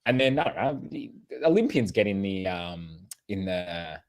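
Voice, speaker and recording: A man's voice: deep voice, animated, moderate pace, a little mellow. A man with an Australian accent co-hosting a podcast in casual chat, joking and rambling and often laughing. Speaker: podcast co-host.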